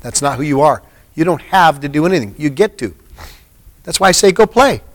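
A man's voice: fairly high pitch, animated, fairly quick. A middle-aged man, a pastor, giving an informal sermon and chatting earnestly with a small group.

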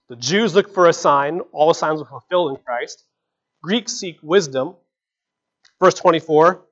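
A man's voice: on the high side, moderate pace. A man preaching a sermon in an earnest, conversational way, with frequent rhetorical questions, in a dull lo-fi recording.

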